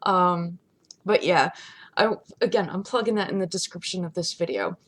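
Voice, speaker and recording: A woman vlogging from home in a casual, chatty rant, laughing often and swinging between loud outbursts and hushed asides. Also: on the low side, normal speed. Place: home, not in her studio.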